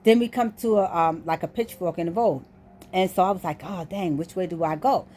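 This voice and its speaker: Animated woman telling a story. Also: lowish voice, a little fast. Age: adult. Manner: animated, voices the people in her story. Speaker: vlogger. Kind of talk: casual storytelling.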